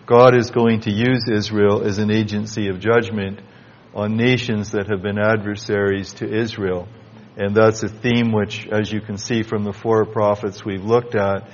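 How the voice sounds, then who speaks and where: Low, flat-voiced man preaching scripture. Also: dull audio. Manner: measured, reads scripture aloud in King James wording. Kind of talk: Bible exposition sermon.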